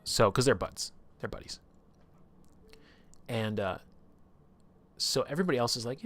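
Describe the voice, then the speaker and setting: A man casually retelling a tabletop campaign on a live stream, rambling and animated, with lots of filler and swearing. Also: medium pitch, a little slow, long pauses.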